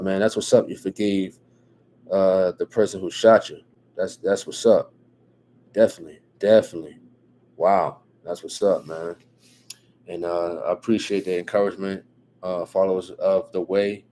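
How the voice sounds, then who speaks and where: A laid-back New Jersey man with a deep, mellow voice hosts a casual live stream, reading out viewer comments. He's relaxed, repeats phrases, chuckles often and keeps saying "you know what I'm saying." There's slight background noise.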